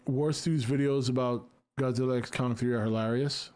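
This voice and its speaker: A man's voice: mid-range voice, fairly even intonation, normal speed, a little mellow. Laid-back man reading live chat. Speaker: livestream host reading chat. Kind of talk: casual chat.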